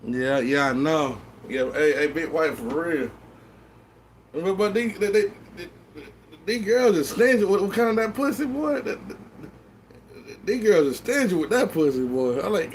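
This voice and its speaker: A man's voice: high voice, moderate pace, a little hiss or hum. A tipsy man rambling in casual chat to his viewers, stammering through restarts and swearing constantly. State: tipsy from drinking. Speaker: vlogger.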